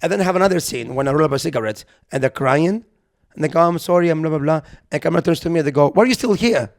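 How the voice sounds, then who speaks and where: A young man co-hosting a podcast, telling an anecdote in casual chat, animated and acting out the quotes, sometimes swearing. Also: on the high side, very fast. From Europe. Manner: animated storyteller who acts out quotes, swears. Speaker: podcast co-host.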